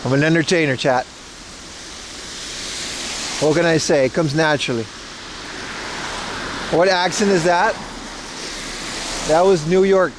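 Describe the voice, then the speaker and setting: A man's voice: a little high, unhurried, long pauses, noisy background. A man hosting a casual outdoor livestream, rambling and joking with playful self-mockery. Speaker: IRL livestream host. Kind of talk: casual walking livestream chat. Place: outdoors at an event in Japan.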